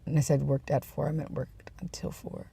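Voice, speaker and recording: A man's voice: a little high, little pitch movement, normal speed, gravelly, mellow, slightly rough. A young man vlogging in a casual, rambling way, with self-deprecating asides, talking from his workplace. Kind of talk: casual chat.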